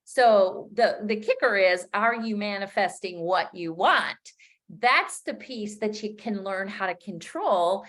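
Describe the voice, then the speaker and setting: A woman's voice: medium pitch, animated, slow, fairly bright tone. A middle-aged woman giving a live-streamed coaching talk. She is chatty and upbeat, speaks loosely and off the cuff, and laughs at her own slips. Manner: loose and unscripted, with frequent fillers and restarts. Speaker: business coach.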